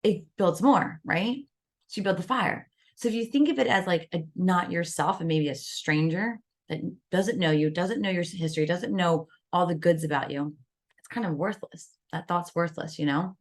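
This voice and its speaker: A woman's voice: lowish voice, normal speed. A woman guest on a wellness podcast, talking animatedly about stress and self-talk and acting out the voice of the inner critic. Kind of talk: podcast interview.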